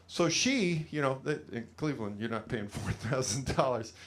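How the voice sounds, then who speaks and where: A middle-aged Californian man does stand-up on a small studio stage, telling rambling, self-deprecating stories packed with fillers. His mid-range voice is animated, at a moderate pace.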